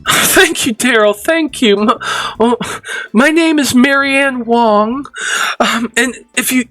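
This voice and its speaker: A man's voice: very high voice, slow pace, a bit bright, no room sound, voice pushed up, heavily acted. A man voicing a tearful, anxious teenage schoolgirl who cries and stammers through her pleas. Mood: grateful. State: crying.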